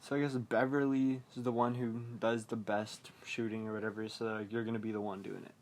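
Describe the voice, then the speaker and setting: A podcast host with a voice on the low side recaps a horror movie, speaking a little fast in a level, slightly mellow tone. His casual, rambling recap is full of fillers, and he chuckles at his own remarks.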